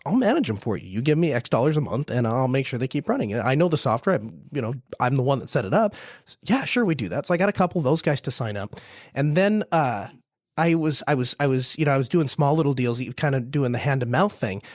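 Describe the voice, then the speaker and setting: Man, 30s, business owner. Quick, rambling storyteller with lots of restarts. Dry, close sound. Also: medium pitch, sing-song, dry recording. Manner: fast, rambling, many restarts and repeats. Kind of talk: casual podcast storytelling.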